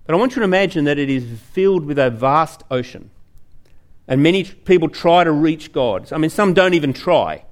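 Aussie preacher, high voice, earnest, tells it like a story. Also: male voice, lively intonation, brisk. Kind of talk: sermon.

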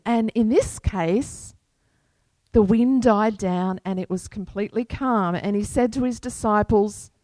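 A woman pastor preaching a sermon to her congregation in an unhurried, earnest manner, quoting scripture. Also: mid-range voice, mellow, dry recording.

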